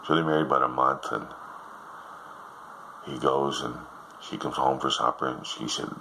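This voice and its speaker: Older man, joke teller, folksy rambling, very deep voice, gravelly fry, faint hiss. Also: fairly even intonation, moderate pace, long pauses. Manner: folksy, meandering storyteller.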